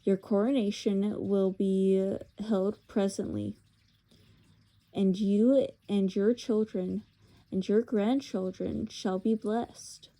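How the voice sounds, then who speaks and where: A woman voicing a wise, noble lion who speaks gravely and formally. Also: medium pitch, steady tone, slow pace, dark tone. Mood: solemn. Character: wise noble lion king, solemn and kind.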